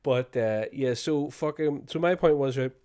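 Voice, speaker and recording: A man's voice: medium pitch, moderate pace, warm tone, clear, resonant tone. A Scottish man co-hosting a podcast, ranting in casual chat with heavy swearing. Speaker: podcast co-host. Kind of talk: casual rant.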